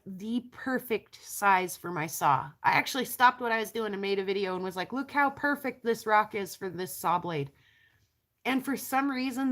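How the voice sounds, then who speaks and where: A woman's voice: medium pitch, fairly bright tone. A woman from the North American prairie, chatting casually and rambling to her viewers as a rockhounding vlogger, laughing often.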